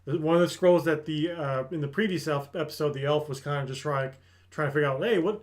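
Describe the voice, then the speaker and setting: A man with a slightly higher voice gives a relaxed, chatty recap of an anime episode. He tells the story with energy and now and then slips into the characters' lines, acting out their reactions. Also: fairly quick. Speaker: anime review host.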